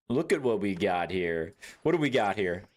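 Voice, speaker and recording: A man's voice: on the low side, sing-song, measured pace. A man streaming a game, chatting casually with his viewers in a joking, laid-back way, swearing freely and laughing often.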